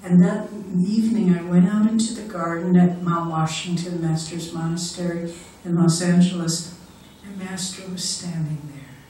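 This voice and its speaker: A woman's voice: on the low side, steady tone, normal speed, warm tone. Older lady giving a spiritual talk, earnest and encouraging, mic far away, lots of hall echo. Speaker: spiritual director. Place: lecture hall.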